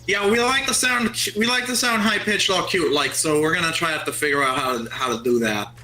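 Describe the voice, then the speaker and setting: A woman's voice: fairly low pitch, fairly quick, sharp tone. A woman co-hosting a casual gaming stream, rambling playfully and repeating her own jokes. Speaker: stream co-host. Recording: roomy sound with faint music. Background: faint game music.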